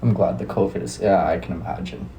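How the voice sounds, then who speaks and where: A man's voice: low voice, brisk, warm tone, slight background noise, rough recording. A young Canadian man with a Canadian accent, hosting a casual live stream, chatting laid-back with viewers and swearing freely. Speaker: livestream host.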